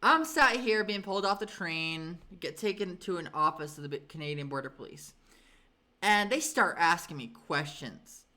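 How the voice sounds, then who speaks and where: A woman's voice: fairly low pitch, expressive, normal speed, bright, forceful tone. A woman streamer telling a story in a casual, chatty way, swearing often and filling with "like" and "um".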